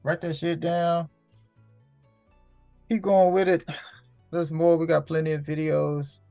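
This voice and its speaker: A man's voice: a little high, flat delivery, slow pace, vocal fry, dark tone, no echo, soft background music. A man hosting his own show in a casual, profane monologue full of street slang, preaching and repeating lines for emphasis. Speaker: host.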